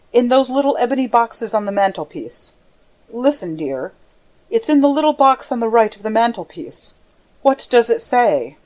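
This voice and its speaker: A woman's voice: mid-range voice, a little mellow. A woman voicing a brooding, lonely masked man in an audiobook reading, rambling from weariness to taunts. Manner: rambling, shifting from weary to taunting.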